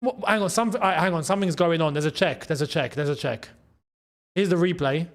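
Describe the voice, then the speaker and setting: Excitable man hosting a football watchalong. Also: a little high, fast. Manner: excitable, shouts at goals, chats to viewers. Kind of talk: live match watchalong commentary.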